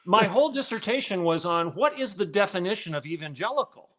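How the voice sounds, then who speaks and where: A man's voice: sits high, expressive, brisk, a bit bright, slight background noise. A man, a former college dean, telling a story in a podcast interview and building to pointed rhetorical questions.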